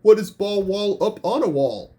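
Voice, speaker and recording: A man's voice: sits high, animated, moderate pace, warm tone, pitched above the performer's own voice. A confident male contestant on a game show, played by a man. The voice is raised a little above his own and delivers answers plainly and confidently.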